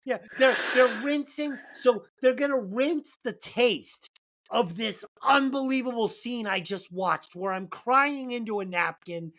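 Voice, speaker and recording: A woman's voice: a little high, unhurried. A woman co-hosting a comedy movie podcast, swearing freely as she rants about films. She talks emphatically, working herself up as she retells scenes. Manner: profane, animated, emphatic storytelling. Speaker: podcast co-host. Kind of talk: casual movie-review chat.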